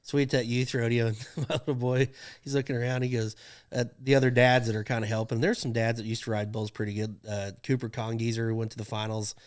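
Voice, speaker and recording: A man's voice: medium pitch, flat delivery, fast. Man, rodeo clown, casual podcast storytelling, laughs often, acts out quotes.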